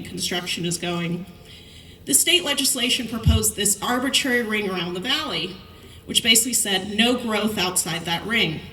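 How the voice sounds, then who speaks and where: Speaking somewhat off the mic, a middle-aged woman gives a commencement speech full of lively anecdotes and quoted dialogue. Her mid-range voice is bright and crisp, echoing through a hall over a faint wash of room noise.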